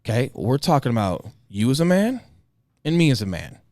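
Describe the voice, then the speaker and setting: A man's voice: mid-range voice, big pitch swings, a little fast, a little mellow, no room sound, clean studio sound. A man in his thirties co-hosting a podcast, telling a blunt, profane story in casual chat and acting out the voices of the people in it. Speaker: podcast co-host.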